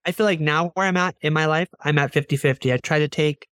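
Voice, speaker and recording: Brief: male co-host, slightly high voice, dry close mic, lively storyteller who curses. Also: fast, no echo. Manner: animated storyteller, swears, acts out quoted lines. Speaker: podcast co-host. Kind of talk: casual chat.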